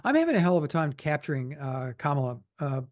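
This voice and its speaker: Man, middle-aged, wry teasing co-host, casual chat, higher pitch. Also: very animated. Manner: wry, quick to correct and tease. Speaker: podcast co-host, political cartoonist.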